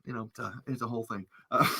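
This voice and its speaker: Male podcast host, rambly and giggly, very bright tone. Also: medium pitch, slightly rough. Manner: rambling, animated, laughs often. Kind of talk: casual chat.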